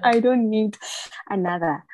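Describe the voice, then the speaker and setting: A woman's voice: medium pitch, a little slow, lo-fi sound, background noise. A young woman talking frankly in a casual chat, laughing often and acting out what people said to her.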